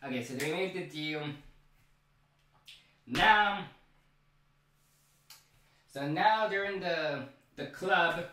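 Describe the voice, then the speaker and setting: Excitable man recapping in an echoey room. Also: on the high side, drawn-out words, pauses often. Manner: rambling, excitable, full of restarts and repeated words. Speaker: show recap vlogger. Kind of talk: casual episode recap. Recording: very echoey room, mic far off.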